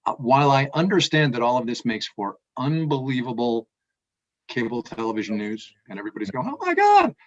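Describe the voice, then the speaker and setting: Emphatic male co-host, dull lo-fi sound. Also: brisk. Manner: emphatic, animated, voice swings from loud to low. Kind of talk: casual news chat.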